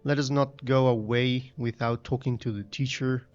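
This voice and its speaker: A man's voice: medium pitch, fairly even intonation, normal speed. A man hosting a gaming channel, thinking aloud as he plays through a game. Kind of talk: let's play commentary. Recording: dull lo-fi recording with faint game music.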